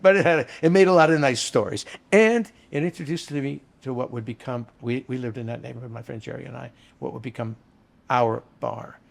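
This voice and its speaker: A man's voice: mid-range voice, a little fast, creaky. An older man, a bartender being interviewed, telling long, casual, earthy stories in a rambling anecdotal way. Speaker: bartender guest. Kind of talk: storytelling interview chat.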